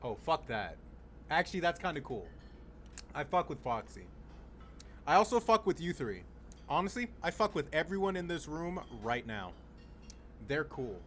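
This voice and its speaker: A young man hosting a reaction video, swearing freely and yelling at the screen in comedic commentary. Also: on the high side, sing-song, moderate pace, long pauses, soft background music.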